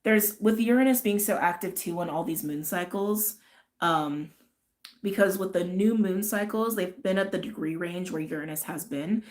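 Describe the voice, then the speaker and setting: Chatty woman reading tarot, lowish voice. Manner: chatty, rambling, tangents, frequent "like" and "right". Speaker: tarot and astrology reader. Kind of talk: casual spiritual reading chat.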